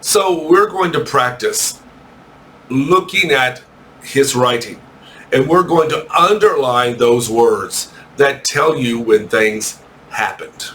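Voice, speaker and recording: A man teaching an English lesson to young children, reading a textbook aloud slowly and correcting his own slips. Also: mid-range voice, expressive, fairly bright tone, slight background noise. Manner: slow, patient, reads text aloud and corrects himself.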